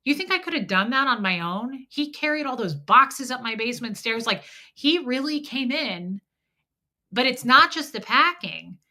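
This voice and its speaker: Woman chatting on her stream, bright clear voice, spills a story super candid. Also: on the high side, moderate pace. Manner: candid, animated retelling with acted-out quotes and swearing. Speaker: livestream host. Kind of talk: casual live chat storytelling.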